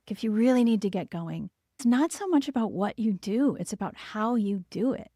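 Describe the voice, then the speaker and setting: Calm woman child-therapist podcast host. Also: mid-range voice, moderate pace, few pauses, no echo, clean studio sound. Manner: calm, gentle, reassuring. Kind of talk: explaining parenting advice on a podcast.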